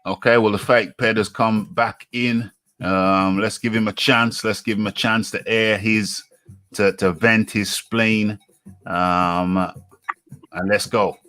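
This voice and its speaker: Chatty male talk show host, bright dry voice. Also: lowish voice, steady tone, slow, no echo. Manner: chatty, laughs often. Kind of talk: live-streamed talk show.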